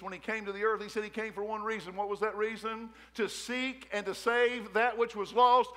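A man's voice: extremely high pitch, pushed and bright. A man preaching a fervent sermon as pastor in a church, repeating his points with folksy asides. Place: church sanctuary. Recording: long hall reverb in a church.

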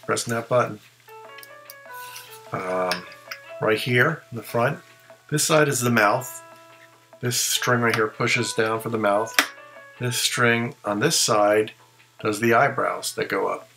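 A man's voice: medium pitch, takes it slowly, gravelly, long pauses, pushed and bright, soft background music, low-quality recording. A man who collects ventriloquist figures, chatting casually in a rambling show-and-tell and second-guessing himself as he goes.

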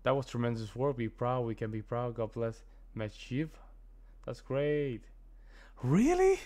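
American man, reaction video host, casual rambling commentary, lots of fillers, mid-pitched voice. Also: fairly even intonation, moderate pace, a little mellow. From United States. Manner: rambling, repeats himself, many fillers.

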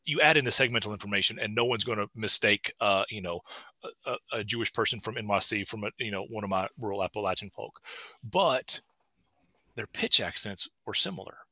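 A man lectures on linguistics in a loose, anecdotal way, his pitch bouncing up on stressed words. His tone is bright and forward. The recording is dry, with no room sound. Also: fairly quick, no echo. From East Tennessee. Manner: animated, rising pitch accents. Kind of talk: casual seminar talk with anecdotes.

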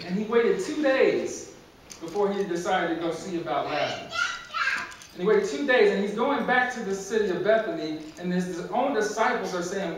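A man's high-pitched, expressive voice carries a moderately paced, joke-filled sermon in a church sanctuary, where he repeats words and chuckles at himself. Heavy background noise accompanies the distant recording of a very echoey hall.

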